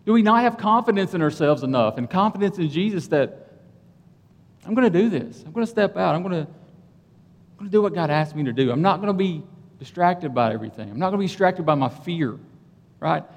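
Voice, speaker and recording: Animated man telling a sermon story. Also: high voice, a little fast, in a large hall. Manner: animated, conversational, keeps asking "right?". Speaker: police officer and church speaker.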